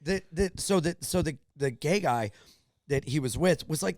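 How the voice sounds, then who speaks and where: A man's voice: on the high side, lively intonation, fairly quick, dry recording. A man hosting a podcast, telling a story in casual chat and acting out the voices of the people in it. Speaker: podcast host. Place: podcast studio.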